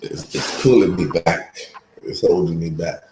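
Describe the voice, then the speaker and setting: A man's voice: deep voice, lively intonation, normal speed. A man chatting casually as co-host in a laid-back drawl. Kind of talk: casual chat. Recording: echoey room, faint noise.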